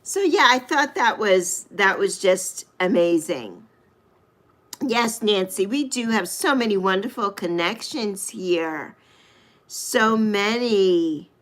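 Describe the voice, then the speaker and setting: Slow, heartfelt woman hosting a live chat. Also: medium pitch, lively intonation, fairly bright tone. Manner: emotional, slow and heartfelt, reads viewers' names; spiritual, affirming. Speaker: livestream host. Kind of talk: casual live chat with viewers.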